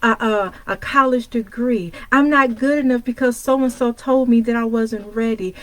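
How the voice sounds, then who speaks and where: A woman from Detroit delivers a fiery motivational sermon, confronting the listener with one rhetorical question after another. Her voice sits a little high, and the sound is dry and close with no room echo. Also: normal speed, few pauses, fairly bright tone. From Detroit, United States. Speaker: motivational speaker and coach. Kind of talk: preaching motivational talk.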